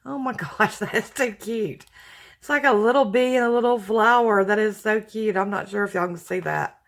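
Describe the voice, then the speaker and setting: A woman's voice: mid-range voice, moderate pace. A woman chatting casually to viewers as she unboxes craft mail, gushing and exclaiming with thanks. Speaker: craft vlogger opening mail.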